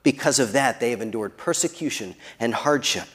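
A man preaching a sermon who builds to emphatic peaks and then drops very soft. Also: mid-range voice, fairly quick. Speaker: pastor.

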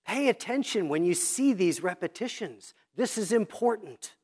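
A pastor giving an expository sermon, reading scripture slowly and deliberately, then explaining it in a teacherly way and pointing out repeated themes. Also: medium pitch, animated, darkish tone, breathy edge.

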